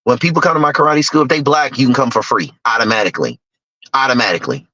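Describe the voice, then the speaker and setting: A man's voice: mid-range voice, lively intonation, fast, bright, forceful tone, no room sound. A middle-aged man telling personal stories in an emphatic, candid way, acting out other people's lines. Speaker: guest speaker, investor. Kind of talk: personal storytelling talk. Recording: dull lo-fi dry recording.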